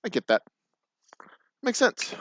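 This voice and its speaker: Bottling whiskey on a distillery floor, this man from Texas, a distiller who hosts livestreams, keeps up a joking, profane, rambling chat and mutters case counts aloud. He talks slowly in a fairly bright tone, and there's a little hiss or hum in the background.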